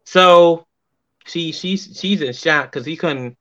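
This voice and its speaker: A man's voice: fairly high pitch, slow pace, bright, forceful tone, lo-fi sound. A man being interviewed about wrestling, telling stories in a casual style and acting out what others said in raised voices, swearing freely. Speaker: wrestler guest.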